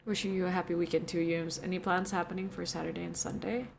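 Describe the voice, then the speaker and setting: A woman's voice: fairly low pitch, fast, vocal fry, a little hiss or hum. Giggly young woman chatting on stream. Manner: chatty and giggly, jumps between soft and excited. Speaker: streamer reading chat. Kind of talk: casual stream chat.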